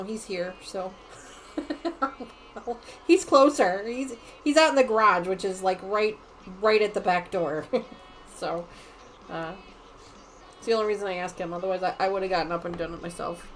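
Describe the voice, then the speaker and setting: Middle-aged woman, quilting stream host, casual rambling chat, mid-pitched, faint hiss behind. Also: normal speed, long pauses, rough recording. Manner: chatty and rambling, trails off into quiet muttering while working. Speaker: sewing livestream host.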